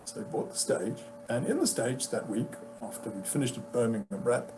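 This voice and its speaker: A British man, an actor, telling casual anecdotes about his career with animated delivery, acting out the lines of people he quotes. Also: medium pitch, normal speed, low-quality recording. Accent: British English. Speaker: guest actor. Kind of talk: casual storytelling.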